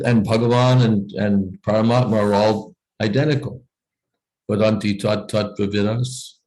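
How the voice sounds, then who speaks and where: A man's voice: lowish voice, creaky, a little mellow, rough recording. A man leading a scripture reading class over a video call, explaining points thoughtfully with frequent "you know" asides.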